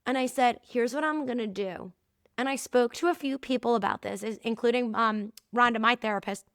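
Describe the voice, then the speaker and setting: Speaking fairly quickly in a smooth, slightly high voice, a podcast host tells workplace stories on her casual solo talk show. She brings the quoted dialogue to life by performing each person's voice, in a studio-quality recording with no echo.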